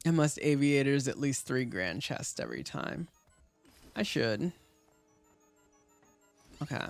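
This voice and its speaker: A man's voice: mid-range voice, sing-song, takes it slowly, creaky, soft background music. A man chatting casually and rambling with lots of fillers as he streams a game. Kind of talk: casual gaming stream chat.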